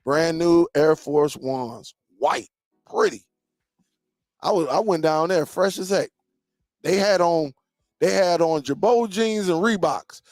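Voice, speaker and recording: A man in his forties hosts a casual live chat with viewers, speaking slowly in a darkish voice on the high side, with no echo. He's relaxed and storytelling, and says "man" often.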